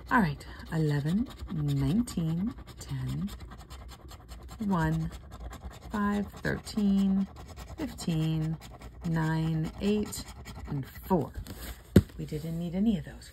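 A woman's voice: deep voice, creaky, a little mellow, slight background noise. An older woman casually chatting and reading out numbers while scratching lottery tickets, playful and sleepy. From Florida. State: sleepy, yawning.

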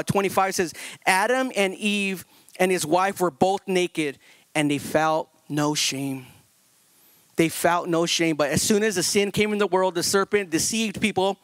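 High, bright-voiced preacher man. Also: dry recording. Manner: swings from loud, high-pitched emphasis to slow, hushed stretches; repetitive, rhetorical questions to the congregation. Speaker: pastor. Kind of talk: sermon.

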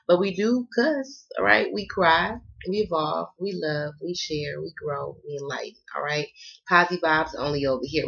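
A woman's voice: sits low, a little fast, gravelly, fairly bright tone, muffled recording. Sassy Southern woman reading tarot. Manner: sassy, playful, cusses freely. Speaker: tarot reader. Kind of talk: casual tarot reading to camera.

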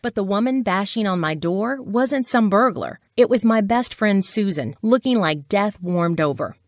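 A woman narrating a dating-advice sales pitch as a dramatic personal story. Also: animated, normal speed, darkish tone, no room sound, studio quality.

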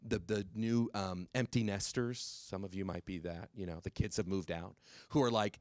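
Guy giving a talk to parents, lively and quick, lots of ums and restarts, dry sound. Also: low voice, no echo. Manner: animated, quick, many fillers and restarts. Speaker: drug policy speaker.

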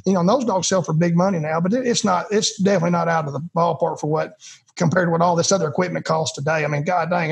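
A man with a fairly high, husky voice talks shop about hunting dogs on a podcast. He is folksy and emphatic, and he doubles words for stress as he goes. It is a casual interview answer. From United States. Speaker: retriever trainer, podcast guest.

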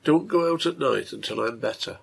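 A man voicing a gentle, pleading, sick little girl in a read-aloud story, with a husky, gravelly voice. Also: mid-range voice, expressive, fairly quick, heavily acted.

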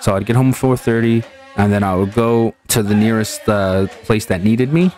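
A man's voice: on the low side, moderate pace, a little mellow, faint music behind. A tired young man, a gaming channel host, talking candidly in a rambling, confessional way about hard times. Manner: rambling, candid, with restarts and frustrated outbursts. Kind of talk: casual confessional monologue.

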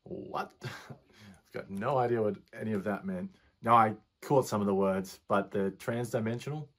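Husky, chatty man reacting casually. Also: lowish voice, moderate pace. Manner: relaxed and chatty, laughs often, slang like bro. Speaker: physicist YouTuber reacting to a series.

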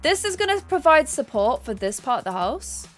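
A young woman streaming a building game, chatting casually and excitedly thanking her viewers. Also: high voice, moderate pace. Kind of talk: casual gameplay livestream chat. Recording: faint music behind.

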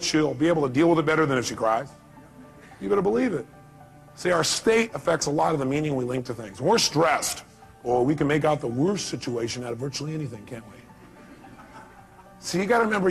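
A motivational speaker addresses a live seminar crowd in a high voice. He talks emphatically and keeps firing rhetorical questions at the audience, with faint music behind him.

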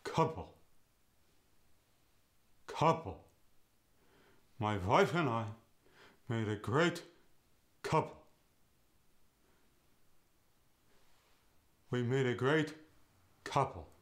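An actor playing a grumpy middle-aged man with a Yiddish accent, demonstrating the accent with a slow, drawling, lilting delivery. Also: medium pitch, lively intonation, a bit bright. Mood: demonstrative. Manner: slow and drawling, with a rising then falling lilt.

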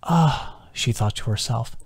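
A man reads his own novel aloud in a steady, measured audiobook voice at a middling pitch. He keeps the narration even and drops to a hush for quoted whispers.

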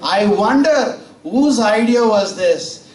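A man's voice: high-pitched, expressive, slow pace, pitched above the performer's own voice. A man voicing an amazed male farmer who exclaims in wonder, within a sermon fable. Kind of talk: acted storytelling in a sermon. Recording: roomy church audio from far off.

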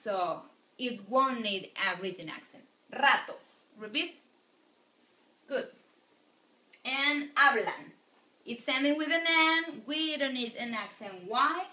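A woman's voice: on the high side, sharp tone. A woman teaching a lecture, patiently repeating words for her students. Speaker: Spanish teacher. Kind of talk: recorded classroom lecture. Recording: echoey room.

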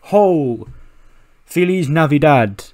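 A man's voice: medium pitch, steady tone, fairly quick, darkish tone, natural voice. A man voicing a big-hearted male wrestler who hands out holiday cookies. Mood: hearty.

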